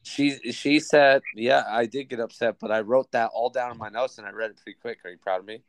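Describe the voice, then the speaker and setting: A young man hosts a loose podcast chat, trash-talking his friend and swearing freely. His voice sits at an ordinary pitch, recorded close and dry with no room sound. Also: steady tone, fairly quick, no room sound. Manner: joking, swears a lot, teasing. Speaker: podcast host. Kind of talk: casual chat.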